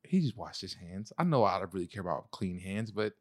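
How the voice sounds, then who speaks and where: A young man co-hosting a casual couple podcast, slangy and animated, full of "bro" and "you know what I'm saying". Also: sits low, brisk, dry recording, clean studio sound. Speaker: podcast co-host.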